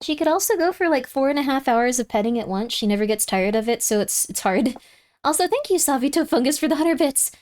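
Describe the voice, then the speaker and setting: A woman with a light, high-pitched voice talks quickly and expressively to her stream audience from a room at home, reading their chat messages out loud. Every so often she softens into gentle cooing at her cat. The recording is dry and close-miked, with no sense of room around her.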